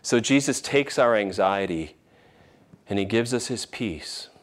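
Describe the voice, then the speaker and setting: A man preaches from the pulpit in a fairly low voice. He swings between raised, emphatic passages and tender, near-whispered pleas. The sermon is delivered in a church. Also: lively intonation, unhurried. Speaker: pastor.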